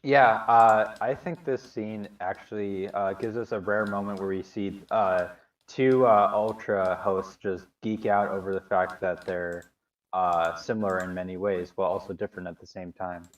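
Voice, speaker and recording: A man's voice: sits low, steady tone, moderate pace, distant mic, highs cut off. A man co-hosting a casual chat stream, dry and teasing with his partner. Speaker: co-host.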